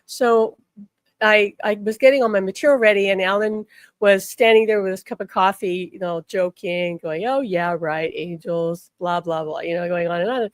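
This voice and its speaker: An older woman, a spiritual teacher, tells a personal story on a live stream in a chatty, animated way, often repeating words and saying "like". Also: medium pitch, moderate pace, no room sound. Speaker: spiritual healer and angel teacher.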